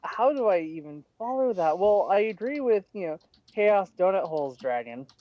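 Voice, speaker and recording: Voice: medium pitch, very animated, normal speed, highs cut off. A podcast panelist speaking in a hesitant, self-deprecating way. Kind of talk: casual chat.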